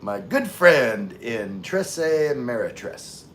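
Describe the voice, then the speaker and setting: A man doing an impression of an overly enthusiastic grown man greeting friends, loud, high and stretched out. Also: sing-song, drawn-out words, a little hiss or hum, full character voice. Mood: exuberant.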